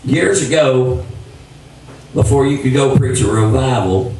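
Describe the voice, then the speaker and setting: Country pastor, male, mellow tone, folksy, distant in a very echoey sanctuary. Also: mid-range voice, lively intonation, unhurried, slight background noise. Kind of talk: sermon announcement. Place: church sanctuary. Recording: echoey church from far off.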